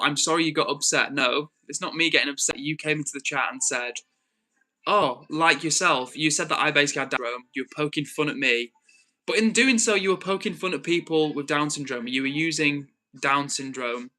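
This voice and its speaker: A young livestream host from Northwest England, with a slightly high voice and a matching accent, reads chat on his stream. He calmly and earnestly lectures a troll, restarting his sentences many times.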